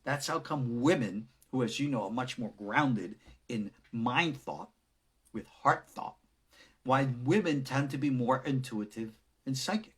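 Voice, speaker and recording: Dramatic, husky-voiced male rabbi lecturing. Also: medium pitch, unhurried. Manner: dramatic, swings from loud emphasis to hushed whispers. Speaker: rabbi teaching Kabbalah. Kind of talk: recorded lecture.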